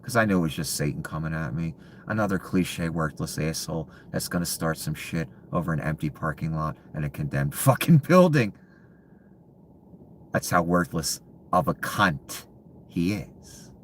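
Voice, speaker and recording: Man, extremely deep voice, bitter contemptuous rant, swears, drops to hushed mutters, faint background hiss. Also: expressive, normal speed. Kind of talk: ranting monologue.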